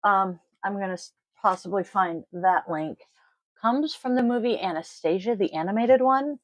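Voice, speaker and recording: The recording is rough but free of echo as a woman with a medium-pitched voice, talking at normal speed, hosts a daily tarot and oracle card reading. She's casual and blunt, swearing and drifting into asides, while her family can be heard off-mic at home.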